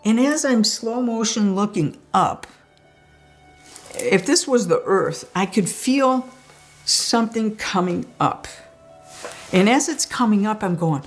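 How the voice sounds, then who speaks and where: A woman recounting her near-death experience, an animated storyteller who acts out the voices she heard. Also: medium pitch, slow pace, faint music behind. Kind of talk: personal testimony.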